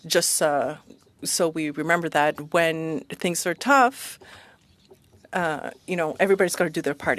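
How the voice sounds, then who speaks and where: A woman simultaneously interpreting a parliamentary committee hearing, steady and even, with frequent hesitations. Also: fairly low pitch.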